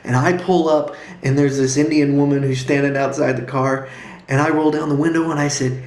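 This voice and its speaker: Sex: man. Lively storyteller in an echoey room. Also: a little high, a little fast. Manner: lively, with sound effects and acted-out quotes. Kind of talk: animated personal storytelling. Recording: roomy echo.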